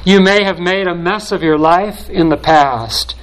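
A man preaching a sermon in a slow, deliberate way, building solemn repeated phrases. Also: high voice, poor audio.

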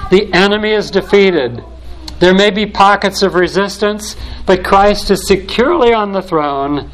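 A man preaching a sermon in a slow, deliberate way, building solemn repeated phrases. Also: fairly high pitch, poor audio.

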